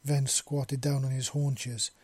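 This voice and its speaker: Quiet man with a flat, husky voice. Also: medium pitch, slow, dry recording. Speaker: story narrator. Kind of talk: scripted narration of a romance story.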